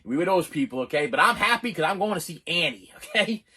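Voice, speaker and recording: On the high side with a breathy edge, this middle-aged man talks fast as he shares a personal story to camera for his channel. The storytelling is casual and animated, wandering and frequently starting over.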